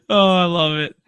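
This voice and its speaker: A man co-hosts a relaxed podcast, mostly chiming in with short replies and easy laughs. His voice is bright and crisp. The sound is dry and close. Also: high voice, no room sound, lo-fi sound. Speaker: podcast co-host. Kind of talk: casual chat.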